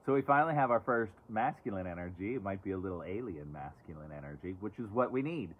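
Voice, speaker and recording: A chatty man with a lowish voice reads oracle cards on a live stream, dropping sarcastic asides as he goes. He talks outdoors into a phone, and the sound is thin and tinny, like a phone line. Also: animated, normal speed, a little hiss or hum. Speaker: oracle card reader. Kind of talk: casual live-stream card reading. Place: outdoors, away from home.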